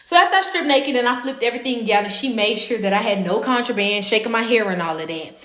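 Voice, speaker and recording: A woman, telling a story in a dramatic, profane, animated way. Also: a little high, fast talker, roomy sound. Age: 20s. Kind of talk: casual storytime.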